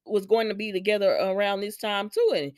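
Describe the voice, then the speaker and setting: A woman's voice: mid-range voice, steady tone, a little fast, dry recording, studio quality. A woman recapping a soap opera in a chatty vlog, talking straight to her viewers. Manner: chatty, addresses viewers directly. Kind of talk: casual chat.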